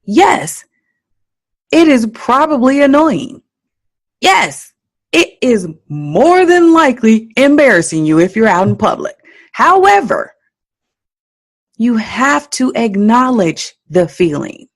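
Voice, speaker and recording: A woman hosting a parenting podcast, giving advice in an animated, teacherly way and laughing at her own stories. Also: a little high, takes it slowly, pauses often. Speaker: parenting coach and podcast host. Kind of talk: solo podcast advice talk.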